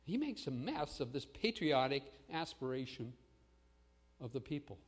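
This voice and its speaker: A man preaching a sermon as pastor, swinging between loud proclamation and hushed asides. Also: medium pitch, sing-song, normal speed, slightly rough, long reverb tail.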